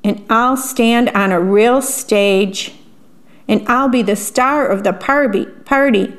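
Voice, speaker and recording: A woman reading aloud puts on a boastful little male animal brother from a storybook, eager to be the star. His high-ish voice stays unhurried and bragging.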